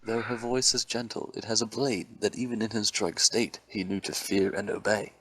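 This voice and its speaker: A man narrating an amateur story reading in a steady, dramatic way. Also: fairly low pitch, normal speed, low-quality recording. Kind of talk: amateur reading of erotic fiction.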